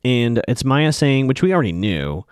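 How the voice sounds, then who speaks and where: A man's voice: mid-range voice, big pitch swings, normal speed, a little mellow, clear, resonant tone, no echo, studio quality. A man casually recapping a TV episode, chatting to viewers he calls folks.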